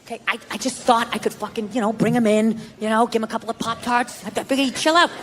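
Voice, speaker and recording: A man doing a live stand-up set on a handheld mic, loud, profane and ranting. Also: extremely high pitch, steady tone, fast talker, noisy background. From United States. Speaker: stand-up comedian. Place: live comedy venue in England. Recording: roomy hall with loud crowd laughter.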